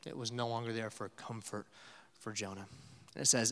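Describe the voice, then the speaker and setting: A man's voice: mid-range voice, fairly even intonation, a little fast, a bit bright. A man preaching a sermon as pastor, talking conversationally and building to emphatic, intense stretches. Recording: reverberant hall.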